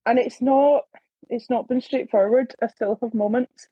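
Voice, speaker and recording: A woman's voice: a little high, steady tone, normal speed, husky, no room sound, lo-fi sound. A woman in her forties from Scotland talking candidly on a podcast, holding back emotion and swearing. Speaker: community member. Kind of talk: casual podcast introduction.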